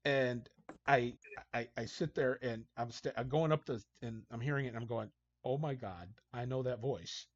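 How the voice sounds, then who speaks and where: A hockey coach appears as a guest, a man telling casual anecdotes at a moderate pace in a medium-pitched voice. He's an animated storyteller who acts out what people said, and the recording is dull, dry, and lo-fi with no echo.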